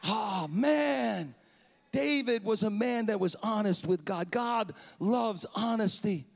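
A male pastor preaching in a church with a very high, gravelly voice. He shouts and half-sings his phrases with fervent intensity. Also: measured pace. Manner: impassioned preaching, often shouting and half-singing. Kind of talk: sermon. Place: church sanctuary.

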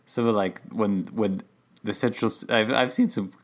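A man's voice: on the low side, normal speed. A man co-hosting a podcast in casual chat, riffing and spinning imagined scenes as he goes. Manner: animated storyteller, riffs on imagined scenes. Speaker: podcast co-host.

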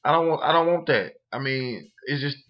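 A man's voice: mid-range voice, brisk, dull audio. A man co-hosting a podcast, chatting frankly and casually, repeating phrases for stress. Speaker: podcast co-host. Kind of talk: casual chat.

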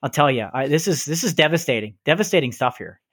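A man co-hosting a podcast in casual chat over a video call, telling stories in a rambling, animated way. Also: fairly high pitch, quick pace, husky, dry recording, clean studio sound. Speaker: podcast co-host.

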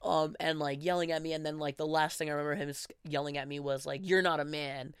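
A man's voice: on the high side, level tone, quick pace, smooth, dry recording, clean studio sound. A young man telling a personal story casually, full of filler words and restarts. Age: young adult. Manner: constant filler "like", rambling restarts. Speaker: interviewee.

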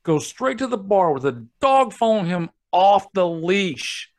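A man's voice: high-pitched, big pitch swings, unhurried, darkish tone. A man hosting a podcast, ranting and telling stories in a casual, profane way. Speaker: podcast host.

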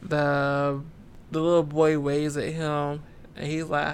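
A man's voice: fairly high pitch, monotone, takes it slowly, slight background noise. A man co-hosting a casual book-club podcast, retelling a story in laid-back slang and acting out the characters' lines. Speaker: podcast co-host.

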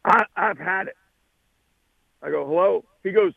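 A man, a football coach, telling an animated recruiting story as a radio guest. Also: high voice, measured pace, gravelly, narrow, tinny audio. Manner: animated, acts out the voices.

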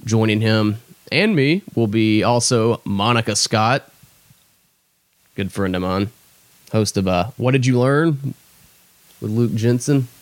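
A man hosting a comedy podcast, talking casually in a jokey way that swings between excitement and mock tears. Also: on the low side, takes it slowly, pauses often, dry recording. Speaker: podcast host.

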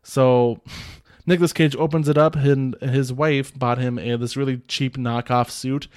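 A man's voice: mid-range voice, fairly even intonation, a little slow, a little mellow, clean tone. Rambling man recapping a film casually. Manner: rambling, many filler "like"s and restarts, chuckles often. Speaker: podcast host reviewing a film.

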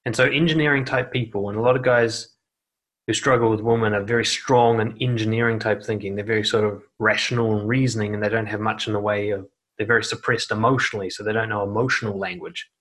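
A man's voice: fairly low pitch, fairly even intonation, fast, fairly bright tone. A man giving blunt, casual dating advice, swearing freely and acting out quoted voices, seated indoors. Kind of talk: casual advice monologue to camera. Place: seated indoors on a noisy chair.

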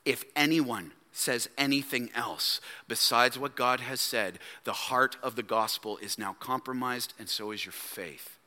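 A man preaching a sermon as pastor, emphatic, swinging between loud declarations and hushed low asides. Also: unhurried, few pauses, big-room sound. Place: church sanctuary.

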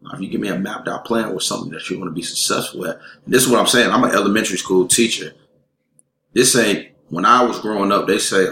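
A man with a very low voice talks casually as a guest, emphatic and streetwise. His words run on in bursts. The room around him rings with echo. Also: fast talker, creaky, bright, forceful tone. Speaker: elementary school teacher and interview guest. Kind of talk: casual chat. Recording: roomy echo.

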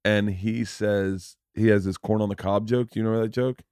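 A middle-aged man hosting a podcast in casual chat, telling animated stories with lots of swearing and acted-out quotes. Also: on the low side, moderate pace, smooth, no echo, studio quality. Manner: animated storyteller, swears often, acts out quotes. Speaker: podcast host.

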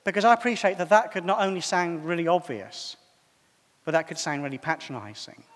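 A man's voice: fairly high pitch, brisk, a bit bright, big-room sound. A man preaching a sermon in a conversational, self-deprecating way.

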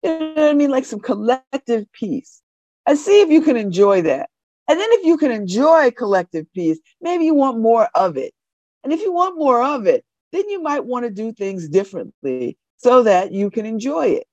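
A woman's voice: on the high side, sing-song, normal speed, a little mellow, dry recording, muffled recording. A woman hosting a community radio show, giving casual, slangy commentary that repeats phrases for emphasis and breaks into laughter.

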